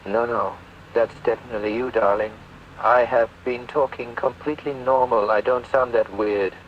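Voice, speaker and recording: A man's voice: medium pitch, steady tone, moderate pace, a little hiss or hum. AI doing a flamboyant British rock-singer man, darling-this darling-that, dull lo-fi phone speaker. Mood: defensive. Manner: calls everyone darling, theatrical and fussy. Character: AI chatbot imitating a flamboyant male rock singer. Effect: AI voice from a phone app.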